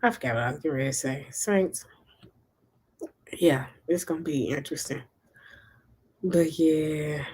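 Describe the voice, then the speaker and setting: A woman's voice: sits low, normal speed, pauses often, a little mellow, husky. A woman from Memphis with a Southern accent, chatting and rambling casually on a livestream while reading comments. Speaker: livestream host.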